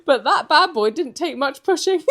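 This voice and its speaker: A woman co-hosting a podcast, telling stories in a lively, giggly casual chat. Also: sits high, normal speed. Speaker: podcast co-host.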